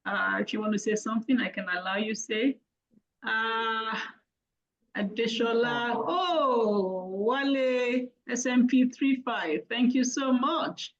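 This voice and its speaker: A woman hosting an online talk, warmly thanking attendees one by one by name over a video call. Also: a little high, takes it slowly. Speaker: host of an online money talk. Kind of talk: casual thank-yous and roll-call at the close of a video call. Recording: dull lo-fi video call audio.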